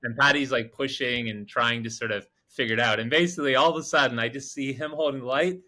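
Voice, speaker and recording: Bright-voiced man telling a lively story. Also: mid-range voice, quick pace. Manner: animated, mimics others with raised voice and swearing. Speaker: podcast co-host telling a field story. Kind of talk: casual storytelling chat. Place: remote field camp in the Amazon.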